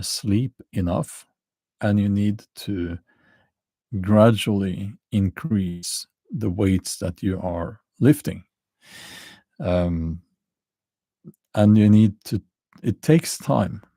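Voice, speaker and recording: A middle-aged Norwegian-accented man chats slowly through viewer questions on a livestream, pausing often on fillers and restarting his sentences. His low voice is gravelly and mellow. The sound is dry and close. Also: no echo. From Norway. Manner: halting, many fillers and restarts, chuckles dryly. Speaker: livestream host answering chat questions. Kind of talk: casual livestream chat.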